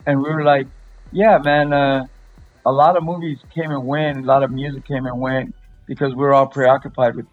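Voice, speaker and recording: A man's voice: mid-range voice, level tone, moderate pace, phone-quality sound, faint music behind. A man, a rapper guest, talking casually and animatedly, repeating himself and calling the host "bro". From Los Angeles area. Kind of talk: casual interview chat.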